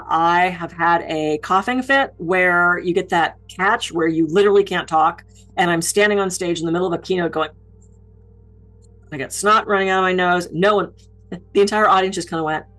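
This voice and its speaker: A woman with a slightly low voice shares public speaking advice as a keynote speaker. She tells stories about her own blunders with lively, self-mocking humor. Soft music plays faintly behind her. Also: low-quality recording. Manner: lively self-deprecating storytelling.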